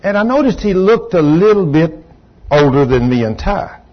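A man's voice: high voice, big pitch swings, moderate pace. A pastor in his sixties preaching a sermon, telling folksy, joking stories about his marriage. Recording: dull lo-fi recording.

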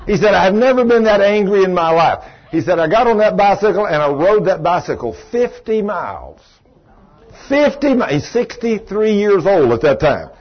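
A folksy middle-aged man with a drawl tells a story from the pulpit, acting out every quote. His voice is husky and sits a little high. The recording sounds dull and lo-fi. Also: very animated, normal speed. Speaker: preacher. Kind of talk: storytelling sermon.

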